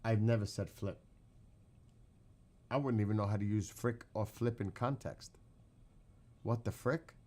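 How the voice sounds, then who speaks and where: A man from New York talks casually with his stream chat, his New York accent thick on every word. His voice sits somewhat low. He rambles from one aside to the next, quizzes the viewers and breaks into laughter often. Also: fairly even intonation, normal speed, pauses often, darkish tone. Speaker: live streamer.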